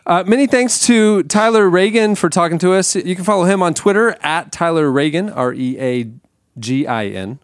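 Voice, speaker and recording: A man's voice: sits high, expressive, normal speed, dry recording, clean studio sound. A man hosting a podcast, chatting casually with laughs and reading the outro plugs with lots of fillers. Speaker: podcast host.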